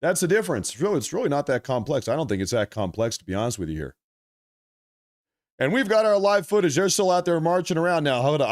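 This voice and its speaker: A man's voice: fairly high pitch, darkish tone. A man hosting a live stream, giving blunt, opinionated commentary in a conversational way.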